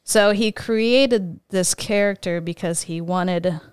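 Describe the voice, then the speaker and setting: A woman's voice: mid-range voice, slow, clean tone, no echo, clean studio sound. A young woman co-hosting a casual podcast chat, talking with lots of fillers and reading out quotes. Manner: chatty, many "like" fillers. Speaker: podcast co-host.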